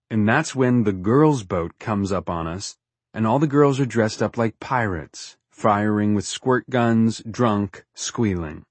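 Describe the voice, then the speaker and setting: A man's voice: on the low side, slightly rough, no echo. A man reading a first-person story aloud in a wry, dry storytelling manner. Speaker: audiobook narrator. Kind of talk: scripted first-person narration.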